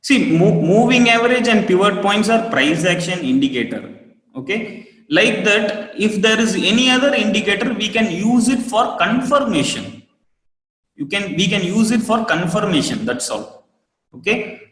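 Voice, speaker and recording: A man with an Indian English accent teaching a live online trading class, repeating each point and asking students for a quick yes. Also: high voice, expressive, a bit bright. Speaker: trading course instructor. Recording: roomy echo with long reverb.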